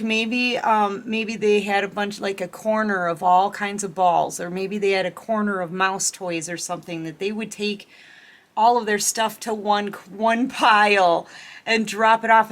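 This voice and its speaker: A woman's voice: mid-range voice, a bit bright. A woman giving a casual tarot reading, chatting and giggling as she talks straight to her viewers. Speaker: tarot reader.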